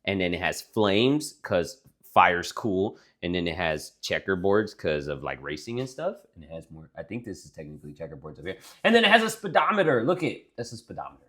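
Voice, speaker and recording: A young man with a low voice chats on a sibling podcast. He tells stories in an animated, swinging tone, acting out quotes and cursing casually. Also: brisk. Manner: animated storytelling, acts out quotes, swears a lot. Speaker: podcast co-host. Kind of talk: casual chat.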